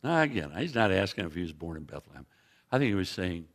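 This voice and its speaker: Fast-talking and very animated, this low-voiced guest preacher retells scripture in vivid fashion from a church sanctuary. His sermon is full of restarted phrases and pointing to slides.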